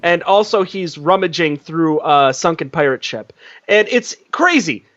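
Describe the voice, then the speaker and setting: A man's voice: fairly high pitch, expressive, a little slow, fairly bright tone, muffled recording, a little hiss or hum. A man hosting a comedy word game podcast, joking loosely, laughing and swearing. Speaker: host.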